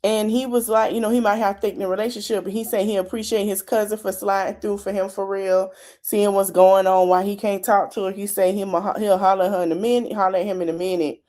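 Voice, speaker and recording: A woman's voice: medium pitch, flat delivery, quick pace, mellow. A woman hosting a podcast, casually recapping a reality show, retelling what people said and adding her own commentary. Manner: chatty storytelling, retelling dialogue with commentary. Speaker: podcast host.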